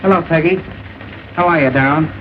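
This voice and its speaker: A man's voice: fairly high pitch, brisk, natural voice. Man playing a brash wisecracking reporter. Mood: coaxing. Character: wisecracking male newspaper reporter. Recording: hissy, muffled early sound film.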